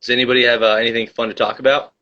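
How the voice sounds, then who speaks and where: A man's voice: medium pitch, level tone, racing, pushed and bright, muffled recording. A young man hosting a casual livestream, telling a rambling story full of fillers and reading the chat.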